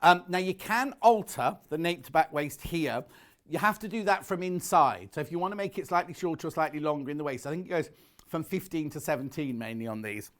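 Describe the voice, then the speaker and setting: High-voiced man selling on TV. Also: a bit bright. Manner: chatty, rapid sales patter with frequent self-corrections. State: out of breath. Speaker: shopping channel presenter. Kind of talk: live TV sales pitch. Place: TV shopping studio.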